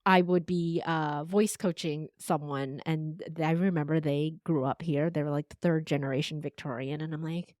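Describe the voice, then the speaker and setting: A woman's voice: low-pitched, moderate pace, few pauses, dry recording, studio quality. A woman in her forties, a podcast strategist and voice coach, telling stories with animation as a guest in a conversational interview. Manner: animated storyteller, acts out voices.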